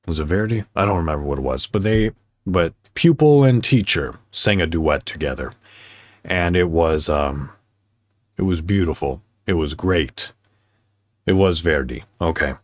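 Deep-voiced guy rambling slow on his podcast, lots of ums, heartfelt, dry close mic. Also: lively intonation, dry recording. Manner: rambling, heartfelt, many fillers and restarts. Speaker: podcast host. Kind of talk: casual solo podcast talk.

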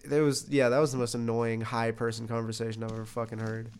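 A man's voice: mid-range voice, little pitch movement, fast, smooth. A young man co-hosting a podcast, telling a rambling, profane story in casual chat and breaking into laughter. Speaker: podcast co-host. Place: Los Angeles.

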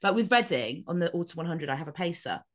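A woman co-hosting a podcast, telling a story in an animated, sweary, casual way. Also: fairly low pitch, fast. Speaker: podcast co-host. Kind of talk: casual chat.

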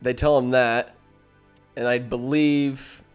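A man's voice: mid-range voice, little pitch movement, slow, clean tone, faint music behind. A man giving a rambling comic movie recap, full of jokey asides and self-interruptions.

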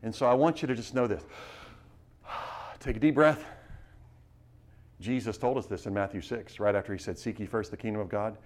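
A man preaching to a missionary class, urging his listeners with rapid rhetorical questions and frequent restarts. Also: lowish voice, steady tone, darkish tone. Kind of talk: sermon-style teaching.

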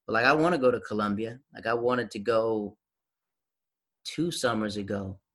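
A man in his thirties from the American South, chatting casually and telling animated stories. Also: on the low side, moderate pace. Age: 30s. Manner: animated storyteller, acts out quoted voices. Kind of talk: casual chat.

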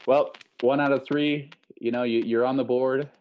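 A man's voice: medium pitch, fairly even intonation, normal speed, dull audio. Casual man hosting a quiz on a call. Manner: runs a quiz game, reading out headlines. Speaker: podcast co-host. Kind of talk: casual chat over a video call. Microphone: video call.

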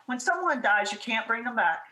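A woman from the American South co-hosting a faith podcast, chatting in an animated, encouraging way and laughing easily. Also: a little high, normal speed, roomy sound, slight background noise, low-quality recording. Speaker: podcast co-host. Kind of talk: casual faith chat.

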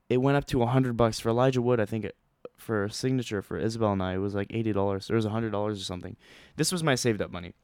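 Young man, low-pitched, smooth voice, rambling excitable storytelling, close dry mic. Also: no echo. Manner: rambling, excitable, many fillers and restarts. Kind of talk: casual storytelling vlog.

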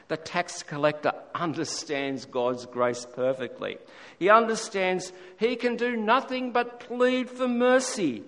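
A man preaching a sermon in a church, slow and emphatic, repeating key words. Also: mid-range voice, fairly bright tone. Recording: echoey hall reverb.

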